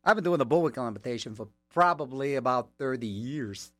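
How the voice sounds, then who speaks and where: A man's voice: medium pitch, animated, brisk, fairly bright tone, no echo. A man working as a radio DJ, chatting casually between songs with rambling, joking asides, from a studio mic.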